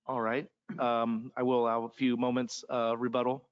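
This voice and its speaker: A man's voice: mid-range voice, monotone, moderate pace, clear, resonant tone. A man chairing a public meeting, brief and polite as he calls up speakers. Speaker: commission chairman. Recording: dull lo-fi meeting audio.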